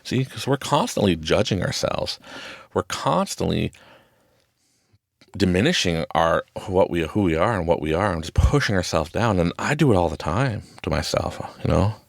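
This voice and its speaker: A man's voice: deep voice, sing-song, moderate pace, gravelly, no echo, studio quality. A man hosting a podcast, talking through a casual, rambling motivational monologue from a small closet and laughing often. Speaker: podcast host.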